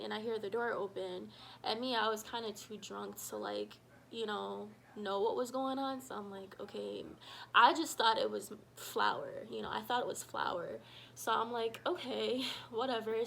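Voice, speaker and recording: A woman telling a personal story in a casual vlog, animated and full of fillers, acting out what people said. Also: fairly high pitch, moderate pace, gravelly, slight background noise, rough recording. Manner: animated, shouts quoted lines, many fillers. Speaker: storytime vlogger.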